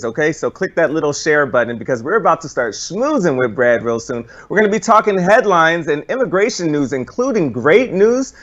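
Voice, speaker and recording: Energetic man co-hosting, slightly dull sound. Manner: energetic, pitches the show to viewers. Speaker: co-host. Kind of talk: live-stream show promo and banter.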